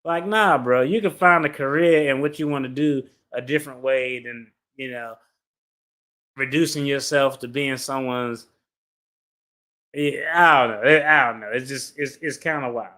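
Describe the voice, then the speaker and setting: A man's voice: medium pitch, normal speed, bright, forceful tone. A man giving casual reaction commentary as he reads a legal complaint aloud, blunt and profane, with slangy asides. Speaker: attorney reacting to a lawsuit.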